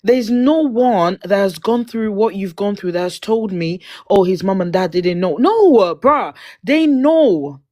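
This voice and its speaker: A woman's voice: medium pitch, fairly even intonation, normal speed, few pauses, warm tone. A woman counseling a caller on a livestream, emphatic and preachy, her voice rising on key words.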